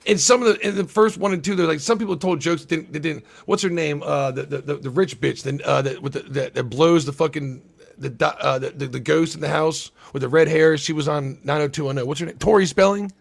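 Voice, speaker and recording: A man's voice: a little high, a little fast, vocal fry. A man hosting a livestream discussion show, talking in a rambling, profane way and acting out movie lines. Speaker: podcast host. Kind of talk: casual livestream chat.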